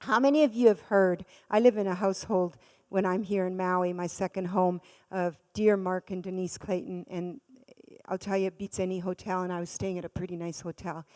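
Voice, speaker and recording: A middle-aged woman preaching a church sermon, telling a story dramatically, swinging from loud bursts to hushed tones. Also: lowish voice, fairly even intonation, fairly quick. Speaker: guest speaker. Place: church hall. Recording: long reverb of a large hall.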